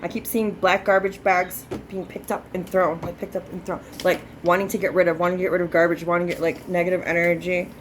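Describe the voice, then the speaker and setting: A woman with a somewhat low voice works through a psychic reading. She talks in a loose, chatty way, leaning on filler words and swearing freely. A faint background hum runs under her. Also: flat delivery, fast talker, few pauses, rough recording. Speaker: psychic medium. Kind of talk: spirit reading session.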